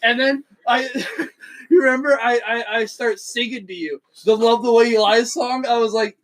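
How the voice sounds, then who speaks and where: A man with a high voice tells a story on a casual podcast. He is animated and quick to laugh, with plenty of swearing, and swings up high when the story gets wild. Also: low-quality recording. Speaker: podcast co-host.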